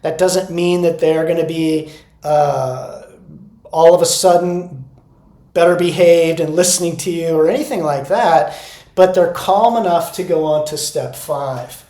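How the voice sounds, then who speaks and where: A man who coaches teachers, explaining classroom steps in a calm, unhurried way and repeating key words. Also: a little high. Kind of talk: instructional talk to teachers. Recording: echoey room.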